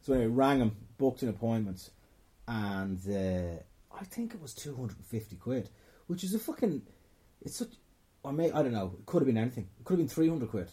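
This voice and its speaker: A man's voice: mid-range voice, sing-song, a little fast, mellow, slightly rough. A young man with a Dublin accent, a stand-up comedian telling a rambling, profane story in casual chat, often cutting himself off mid-sentence. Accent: Irish, Dublin. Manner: rambling, profane, self-interrupting.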